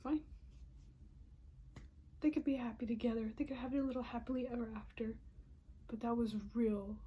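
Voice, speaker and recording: A woman's voice: a little high, fairly even intonation, mellow. A woman in her twenties telling a personal story to her viewers in a casual, emotional way, often dropping into whispered asides and sighs. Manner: frequent sighs and breathy pauses.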